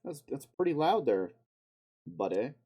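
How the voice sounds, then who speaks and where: A man's voice: mid-range voice, very animated, a little slow, dark tone, slight background noise. A man streaming live, talking to himself as he edits a video, swearing often and breaking into sudden outbursts. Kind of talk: casual self-talk while video editing on stream.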